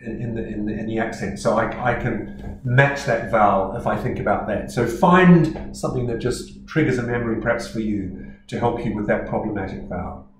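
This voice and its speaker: A man's voice: fairly low pitch, moderate pace, roomy sound, slight background noise, poor audio. New Zealand man explaining choral diction. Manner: patient, explanatory, demonstrates sounds aloud. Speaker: choral conductor and teacher. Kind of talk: instructional talk on choral diction. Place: at home.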